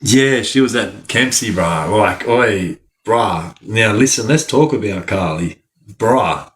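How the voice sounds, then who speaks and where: A man's voice: on the low side, lively intonation, slow pace, fairly bright tone. A man, telling stories as a podcast guest in a rambling, slang-filled way that is broken up by frequent laughs. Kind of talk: casual storytelling.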